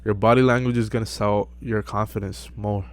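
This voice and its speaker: A young man giving casual self-improvement advice to camera, relaxed and full of fillers, often checking in with "right?". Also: on the low side, brisk. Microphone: close mic.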